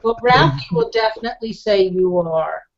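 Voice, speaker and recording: A woman's voice: mid-range voice, lively intonation, moderate pace, gravelly. A woman on a group video chat, teasing the host cheerfully. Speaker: guest on a chat. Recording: dull lo-fi video call audio.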